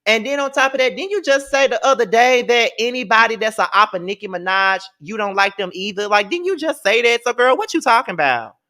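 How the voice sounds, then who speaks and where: A man hosts a live gossip show with a bright, forceful voice, sassy and blunt. He talks straight to his viewers, swears freely and calls them "child" while he reacts. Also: extremely high pitch, expressive, fairly quick, hardly any pauses. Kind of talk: live celebrity gossip commentary.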